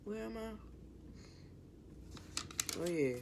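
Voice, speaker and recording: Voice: medium pitch, lively intonation, extremely slow, creaky, noisy background. A TV show reviewer giving a casual recap in an opinionated, rambling way, often correcting themself mid-sentence.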